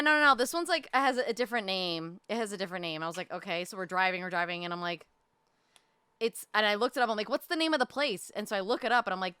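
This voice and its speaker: A young woman telling a story in casual chat, animated, full of fillers and swearing, close to the mic. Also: medium pitch, clear, resonant tone, no room sound. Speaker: podcast co-host telling a story. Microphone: close desk mic.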